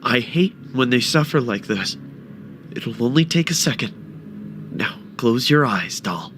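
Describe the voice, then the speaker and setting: A man's voice: medium pitch, lively intonation, a little slow, a little hiss or hum, voice pushed up. A man playing a cold, taunting serial killer. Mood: coldly taunting. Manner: cold, taunting, softly menacing. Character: calm, sadistic male serial killer.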